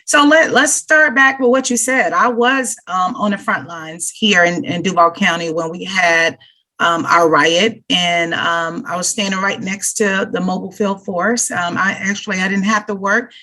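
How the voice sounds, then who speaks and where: A woman's voice: medium pitch, fairly even intonation, normal speed, sharp tone. A woman, a retired police officer and sheriff candidate, answering interview questions earnestly and unhurriedly with frequent fillers.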